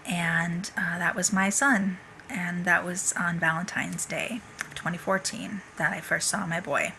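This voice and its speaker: A woman's voice: fairly low pitch, fairly even intonation, a little slow, creaky, pushed and bright, slight background noise. A woman in her thirties, an interview guest, telling a personal story in an earnest, tumbling way with little asides. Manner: earnest, tumbling narration with asides and self-quoting.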